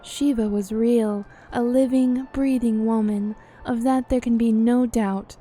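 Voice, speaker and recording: A poised young woman leader speaks in careful, formal sentences, as a woman reads her lines aloud. Her voice sits a touch high with a soft, mellow tone. She is calm and deliberate. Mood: earnest. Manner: formal, measured reading of game dialogue.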